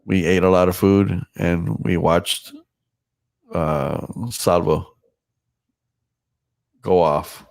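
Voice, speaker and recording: A man's voice: low-pitched, steady tone, extremely slow, creaky, long pauses. A man hosting a casual podcast chat, teasing and swearing freely, with a stuffed-up nose. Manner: profane, joking, teasing. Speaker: podcast host and DJ.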